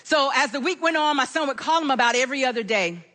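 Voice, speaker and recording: A middle-aged woman preaching a sermon, telling a personal story in an animated way and acting out the voices in it. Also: high voice, fast. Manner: animated, acts out quoted voices in her story.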